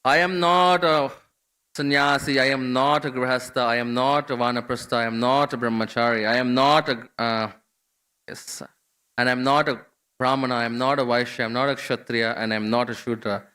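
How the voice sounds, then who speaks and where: Bright-voiced man telling a devotional story. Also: mid-range voice, steady tone, a little fast, clean tone. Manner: conversational, frequent fillers and restarts. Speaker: speaker giving a scripture class. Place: temple.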